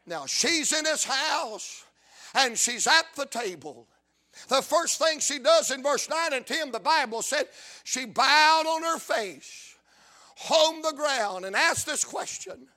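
A man with a South Carolina accent preaching a revival sermon, chanting, shouting and whooping, repeating his lines in rhythm. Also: very high-pitched, lively intonation, slow pace.

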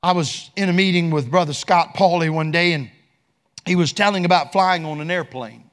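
A man's voice: fairly high pitch, normal speed, a bit bright. A man preaching a sermon, quoting scripture in King James wording and rising for emphasis.

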